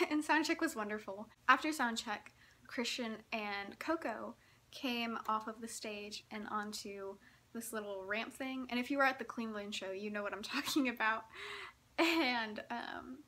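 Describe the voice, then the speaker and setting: A woman's voice: on the high side, unhurried, bright, forceful tone. A young woman from Texas telling a story in a chatty vlog, giggling often and saying "like" a lot. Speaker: vlogger.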